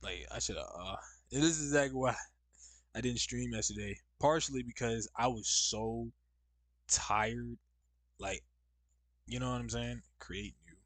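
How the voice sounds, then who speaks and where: Speaking at a measured pace in a medium-pitched, slightly bright voice, a young streamer rambles casually to his audience with no echo. He talks right to the chat, full of slangy side comments.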